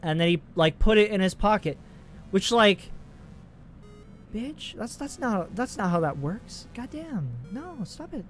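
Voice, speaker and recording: Man, 20s, let's play host, profane, rambling, exasperated, slightly high voice. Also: lively intonation, unhurried, long pauses, soft background music. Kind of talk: casual gameplay commentary.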